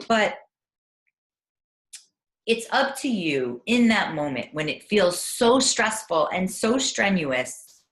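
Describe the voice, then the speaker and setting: A woman parenting coach giving a teleclass, speaking in a gentle, encouraging way. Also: mid-range voice. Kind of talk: teleclass talk. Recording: echoey room.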